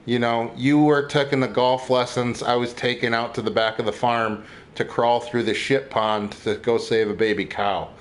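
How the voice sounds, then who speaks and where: A man's voice: medium pitch, moderate pace. A man hosting a podcast in casual chat, teasing and exaggerating with crude humor. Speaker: podcast host.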